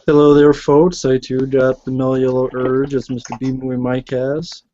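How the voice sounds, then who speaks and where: A man in a casual film commentary, joking in a deadpan way. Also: mid-range voice, normal speed, highs cut off, a little hiss or hum.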